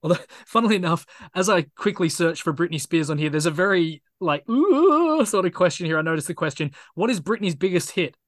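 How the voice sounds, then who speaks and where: A man's voice: high voice, animated, brisk, hardly any pauses, a bit bright, no echo. Dry-joking man, close dry sound. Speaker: podcast co-host. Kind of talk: casual chat.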